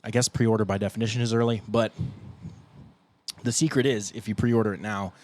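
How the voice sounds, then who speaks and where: A young man, guitarist in a band, co-hosts its casual podcast, cracking jokes, laughing often, and acting out what people said. His voice is lowish and steady in tone, fairly quick, and a bit mellow.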